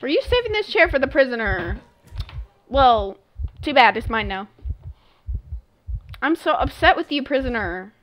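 A young woman streamer reacting dramatically to a game as she plays, scolding her teammates and shouting out. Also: high voice, sing-song, moderate pace, long pauses. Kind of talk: live game commentary.

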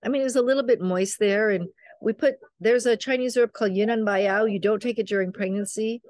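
A woman's voice: medium pitch, fairly even intonation, a little fast, darkish tone, no room sound, clean studio sound. An older woman, a midwife and author, chatting as a guest and rambling through family stories, acting out what her relatives said. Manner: chatty, rambling, acts out quoted family members. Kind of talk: casual storytelling conversation.

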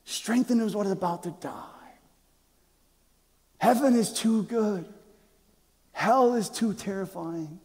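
A man preaching a sermon as pastor, impassioned, swinging from loud emphasis to hushed near-whispers and often restarting his words. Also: sits high, unhurried. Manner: repeats and restarts words as he speaks. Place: church sanctuary. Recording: long reverb of a large church hall.

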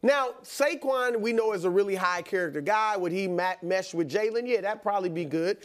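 Male sports co-host, high voice, agreeable, then builds his argument. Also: a little fast. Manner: agreeable, interjects often, then lays out a case. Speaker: sports talk show co-host. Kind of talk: sports debate.

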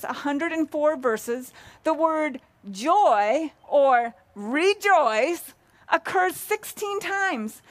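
Woman pastor, sermon, high voice, earnest, measured, rhetorical questions, dry recording. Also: dry recording. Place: church sanctuary.

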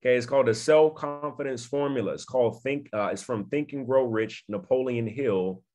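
A man's voice: medium pitch, normal speed, darkish tone, soft background music. A man giving an emphatic motivational talk on a video call, repeating phrases and often checking in with his listeners. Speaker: network marketing speaker.

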